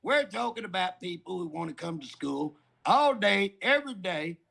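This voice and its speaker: Folksy man, gravelly and bright. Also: high-pitched, lively intonation, moderate pace. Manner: folksy, joking, drawling storyteller. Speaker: politician guest. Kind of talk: casual talk show chat.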